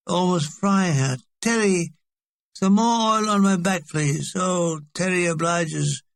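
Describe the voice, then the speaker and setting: A man's voice: fairly high pitch, creaky, no room sound. A man reading a comic memoir aloud with a wry, dry delivery. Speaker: audiobook reader.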